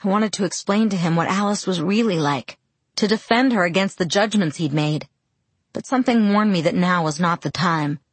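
A woman narrating a first-person audiobook in a steady, reflective way. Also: lowish voice, moderate pace, husky, no echo.

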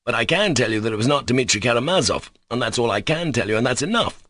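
A man's voice: medium pitch, expressive, fast talker, a bit bright. A man reading Mitya, a bitter accused man. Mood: indignant. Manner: agitated, bitter outbursts. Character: angry proud young man under questioning. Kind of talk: audiobook character reading.

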